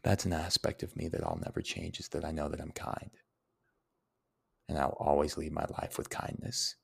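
A young man hosts a reflective Q&A monologue, answering personal listener questions in an earnest, heartfelt way and explaining word origins. His very deep voice is sing-song and fairly bright, with vocal fry and a breathy edge, at normal speed.

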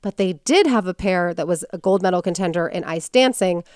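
A woman hosts a casual storytelling podcast, slipping into quoted voices and filler words as she goes. Her voice is smooth and clear, and the recording is dry and close. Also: lowish voice, brisk, no echo. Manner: chatty, animated, with many fillers and quoted voices. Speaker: podcast host.

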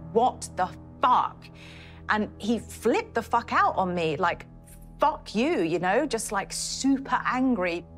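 A woman in a documentary interview, recounting her experience haltingly with many "like"s and "you know"s. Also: lowish voice, fairly bright tone.

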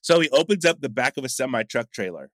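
A man's voice: medium pitch, very animated, fast talker, fairly bright tone, no room sound. A middle-aged man from the United States, a coffee shop founder telling rambling stories in a casual interview. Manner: chatty, rambling anecdotes with frequent fillers.

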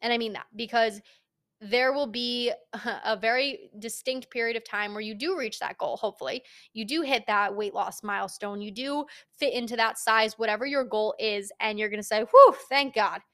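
A young woman with a voice a touch higher than most talks straight to her listeners in a casual fitness podcast. She is emphatic and blunt and swears freely as she pushes them to own their goals. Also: normal speed, fairly bright tone. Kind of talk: casual motivational podcast monologue.

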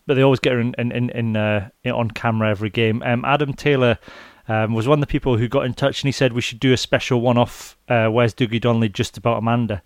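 A Scottish man talking casually as a podcast host, his voice sitting at an ordinary middle pitch. He reads out listener messages and fills the gaps with frequent ums. The sound is dry and close. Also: flat delivery, fast, few pauses, dry recording.

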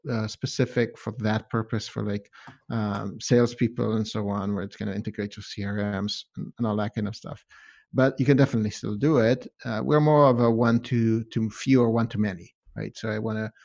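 A man's voice: lowish voice, fairly even intonation, fairly quick, gravelly, darkish tone. A man with a hard-to-place mixed accent, a podcast guest in his home office, chatting casually and often asking "right?". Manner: conversational, says "right?" often.

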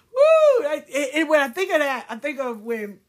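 A woman and spiritual reader telling her life story on a live video, laughing often, swearing freely and repeating herself to drive home an encouraging, preachy point. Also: sits high.

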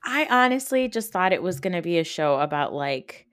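A woman in her thirties with a New Jersey accent, hosting a podcast in animated, casual chat full of fillers and swearing. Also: fairly low pitch, normal speed, no echo, clean studio sound. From North Jersey, USA. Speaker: podcast host.

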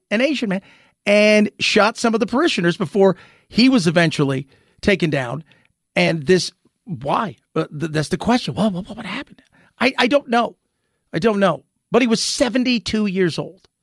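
A man hosting a commentary show, talking through the news in an animated, rhetorical way, often restarting his sentences. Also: high voice, creaky, no echo, studio quality.

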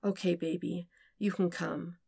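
A woman reading a podfic, voicing a dominant young man who murmurs softly and coaxingly. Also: flat delivery, unhurried, vocal fry, husky, no room sound, clean studio sound, exaggerated voice. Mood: tender murmur. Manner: soft, low, coaxing murmur.

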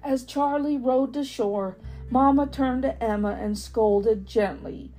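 A woman reading a children's storybook aloud, expressive with dramatic pauses. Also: sits high, faint music behind.

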